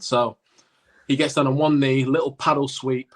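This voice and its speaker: A man's voice: mid-range voice, normal speed. A man telling a cricket anecdote on a casual podcast, acting out what people said. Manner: animated anecdote-telling with acted-out quotes. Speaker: podcast co-host, former cricketer. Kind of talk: casual storytelling.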